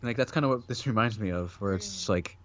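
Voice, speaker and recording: A man's voice: fairly low pitch, fast talker, muffled recording. A man co-hosting a casual podcast chat, talking loosely with lots of fillers and frequent laughs. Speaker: podcast co-host.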